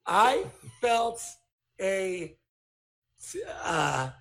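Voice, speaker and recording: A man's voice: high-pitched, very slow, gravelly. A male toy designer telling stories as a guest in casual, profane talk, acting out what people said. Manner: profane, animated, acts out quotes. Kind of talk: casual storytelling.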